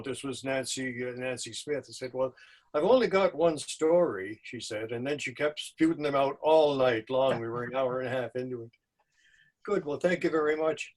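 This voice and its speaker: A man hosting a live storytelling session, chatting loosely and correcting himself as he goes. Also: mid-range voice. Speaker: host, storyteller-in-residence. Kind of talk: casual event hosting.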